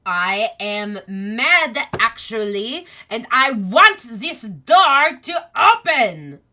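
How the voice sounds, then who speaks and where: A grumpy male Cheshire Cat whines and grumbles in a voice pitched above a normal speaking voice, as a woman running a tabletop game puts him on. He stretches his words out slowly and gets loud when things don't go his way. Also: big pitch swings, distant mic. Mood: frustrated. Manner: whiny, loud and slow when upset.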